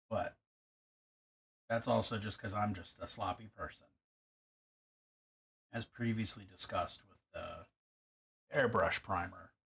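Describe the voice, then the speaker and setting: A man's voice: on the low side, fairly bright tone. Rambling, self-deprecating male streamer. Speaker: streamer painting miniatures. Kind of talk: casual live-stream chat.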